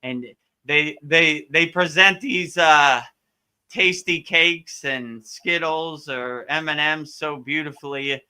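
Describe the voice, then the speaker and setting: A man's voice: a little high, slow, pushed and bright, clear, resonant tone. A man who is a spiritual teacher gives casual advice in a live question-and-answer session, easygoing and repeating his words often, with many fillers.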